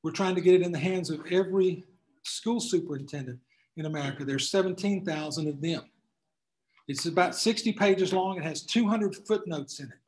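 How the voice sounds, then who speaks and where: A man lectures a class in a room full of people, talking conversationally and often restarting his phrases. His voice sits somewhat high for a man. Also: brisk, a little mellow, poor audio. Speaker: attorney giving a class talk.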